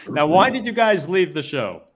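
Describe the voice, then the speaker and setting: A man's voice: on the high side, a bit bright, husky. A man hosting a live-stream interview who asks questions with many fillers and laughs along. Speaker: host.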